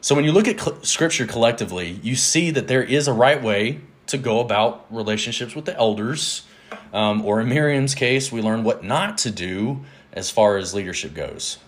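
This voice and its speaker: A man's voice: medium pitch, expressive. A man teaching the Bible in a casual, earnest way, with many fillers. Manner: earnest, measured, with fillers and little laughs. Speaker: podcast host, Bible teacher.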